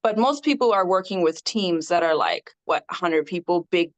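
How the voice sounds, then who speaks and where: A woman guest on a podcast interview, an independent artist telling her story in an animated way with frequent laughter. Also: on the low side, moderate pace.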